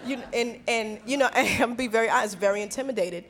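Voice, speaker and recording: A woman's voice: a little high, brisk, a bit bright, some chatter behind. A woman from New Jersey, a singer and songwriter being interviewed, telling stories earnestly with frequent restarts and laughs. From New Jersey, USA. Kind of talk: reflective conversational storytelling.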